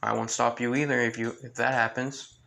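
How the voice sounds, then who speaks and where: A man voicing a calm, steady young male hero who speaks firmly in a plain voice. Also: medium pitch, brisk, creaky, slight background noise. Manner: calm and firm.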